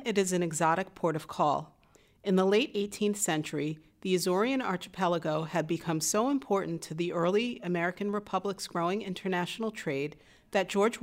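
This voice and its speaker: Low-voiced woman narrating a museum tour. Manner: measured, evenly paced guided-tour delivery. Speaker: museum audio guide narrator. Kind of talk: scripted narration.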